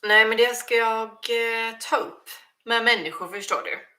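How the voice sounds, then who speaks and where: On the high side and sharp in tone, this woman's voice moves at a moderate pace. The Swedish streamer, a first-language Swedish speaker, chats casually during a livestream Q&A, voicing viewer questions and frequently restarting her sentences.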